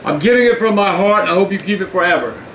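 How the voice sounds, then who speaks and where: Gruff older man reading fan mail. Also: high voice, quick pace. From Southern US. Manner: gruff, shouts and curses in bursts. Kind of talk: casual chat, reading letters aloud. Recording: echoey room with faint noise.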